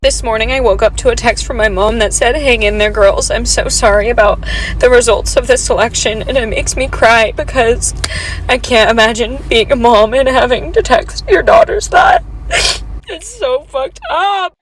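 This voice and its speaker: A woman's voice: on the high side, moderate pace, a little hiss or hum, rough recording. A woman telling a personal story in a social media clip, emotional and close to tears.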